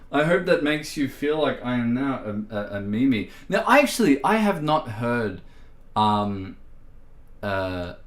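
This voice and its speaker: A man with an Irish accent chatting playfully on a music livestream, giggling and laughing often. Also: medium pitch. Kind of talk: casual livestream chat. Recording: roomy echo.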